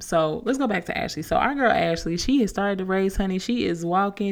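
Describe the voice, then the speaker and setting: A young woman hosting a podcast, telling a story in a chatty, animated way with casual slang. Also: on the low side, a little fast, gravelly, few pauses. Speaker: podcast host. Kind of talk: casual motivational talk.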